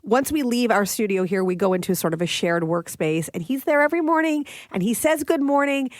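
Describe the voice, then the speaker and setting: A woman's voice: mid-range voice, expressive, fairly quick, no room sound. A woman co-hosting a radio podcast from a studio, chatting casually and laughing often. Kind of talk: casual chat.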